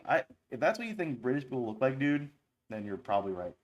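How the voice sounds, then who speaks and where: Male streamer, casual commentary, rambling, jokey, swears a lot, mid-pitched voice. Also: expressive, fast talker. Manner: rambling, joking, profane. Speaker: streamer reviewing viewer songs.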